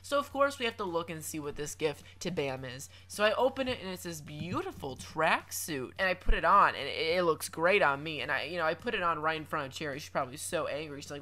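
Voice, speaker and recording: A man's voice: fairly high pitch, animated, brisk, few pauses, pushed and bright. A young man giving chatty, playful commentary over a video game, with lots of stammered restarts and mock-dramatic asides. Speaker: gaming commentator.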